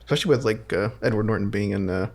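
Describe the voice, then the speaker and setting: Co-host, man with a gravelly voice, hesitant delivery, laughs easily. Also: lowish voice. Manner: hesitant, many fillers, quick to laugh. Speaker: podcast co-host. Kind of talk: casual chat.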